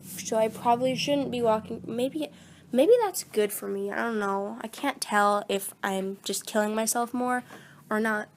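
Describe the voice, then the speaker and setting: A teenage girl chatting aimlessly into her phone mic, meandering and a little self-deprecating. Her voice sits somewhat high for a woman, and she sounds a bit under the weather. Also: unhurried, a little hiss or hum. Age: teens. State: sick. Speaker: voice actor vlogger. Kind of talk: casual rambling vlog.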